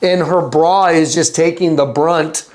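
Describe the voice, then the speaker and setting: A man being interviewed, telling a story in an animated way, acting out the voices and laughing as he goes. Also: measured pace. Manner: acts out quotes with big pitch jumps and laughter. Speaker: interview guest.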